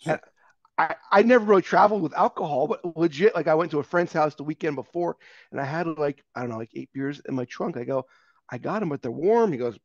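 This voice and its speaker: An eager, chatty man hosts a casual interview in a fairly high voice. His sound is dull and lo-fi. It is also dry, with no room around it. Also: fast talker, dry recording. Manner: eager and chatty, laughs along. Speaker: podcast host.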